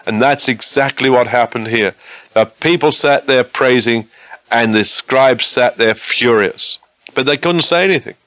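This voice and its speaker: A man's voice: medium pitch, measured pace, a bit bright, no room sound, rough recording. A man preaching a sermon in an earnest, conversational way, often asking his listeners questions.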